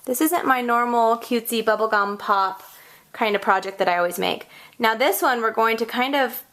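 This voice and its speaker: A woman in her thirties hosting a casual card-making tutorial, bubbly and chatty, squealing when she gets excited. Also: fairly high pitch, normal speed. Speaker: crafting tutorial host.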